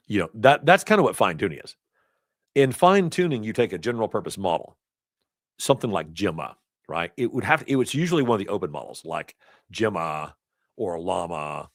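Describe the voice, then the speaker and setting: A man with a low, deep voice leads a class in a loose, talkative way and drifts into little stories along the way. The sound is dry and close, with almost no room around it. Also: no room sound. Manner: chatty, storytelling asides with laughs. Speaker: instructor. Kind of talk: casual lecture. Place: classroom or event hall.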